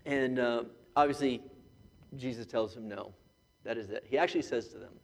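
A man preaching a sermon as pastor, animated and joking, acting out the voices in his story. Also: medium pitch, normal speed, creaky, long reverb tail.

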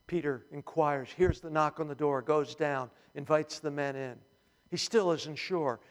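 A man's voice: fairly high pitch, measured pace. A male pastor preaching a sermon, telling the story with animation and humor, in a church hall. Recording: long hall reverb.

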